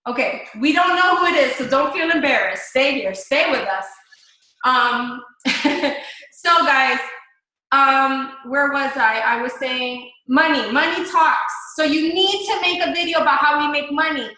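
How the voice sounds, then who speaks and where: A woman's voice: high voice, measured pace, pushed and bright, heavy reverb, low-quality recording. A woman in a chatty, upbeat coaching talk on a live video call, speaking straight to her team. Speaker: network marketing coach.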